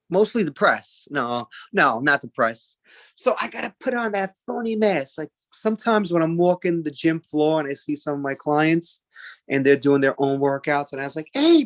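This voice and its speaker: A man's voice: fairly high pitch, a bit bright, no echo. A man in his forties doing a stand-up routine, rambling and chatty, with lots of fillers and asides. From Italian-American. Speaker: stand-up comedian.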